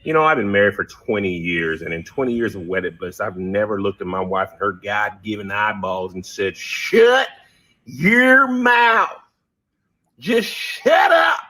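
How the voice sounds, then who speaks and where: A man's voice: sits low, fairly quick, hardly any pauses, pushed and bright. A married man giving wry, conversational commentary with mocking quoted voices. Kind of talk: conversational talk.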